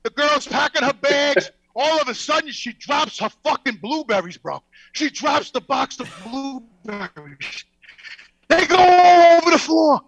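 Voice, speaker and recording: An older man telling a loud, swearing story on a podcast and acting out the other people in it. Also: very high-pitched, expressive, measured pace, vocal fry, no echo, poor audio. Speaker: podcast regular. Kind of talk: profane storytelling.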